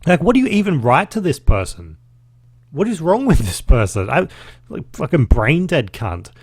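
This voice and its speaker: An Australian man in his thirties recaps his week on a casual solo podcast he hosts. His voice is a little high, husky, and darkish, with wildly swooping pitch, a moderate pace, and no echo. He's chatty, laughs, and swears freely.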